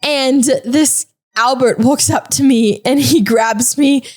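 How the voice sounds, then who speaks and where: A woman's voice: high voice, slow pace. Chatty young woman telling a story. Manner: chatty, animated, filler-heavy storytelling. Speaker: podcast host. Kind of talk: faith-based personal storytelling.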